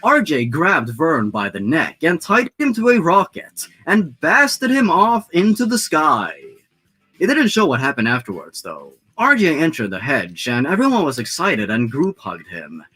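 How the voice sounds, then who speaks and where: A man's voice: on the high side, unhurried, husky, faint music behind. A man reading a horror story aloud, breaking in with wry, joking remarks. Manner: animated, wry, joking interjections. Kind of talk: dramatic reading with sarcastic asides.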